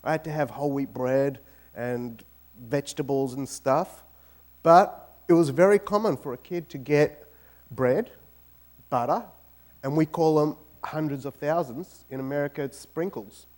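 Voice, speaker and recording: Brief: Australian man, guest speaker in an auditorium, fairly high voice, animated and jokey. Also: a little slow. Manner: joking, animated storytelling. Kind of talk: lively talk to an audience. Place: university auditorium.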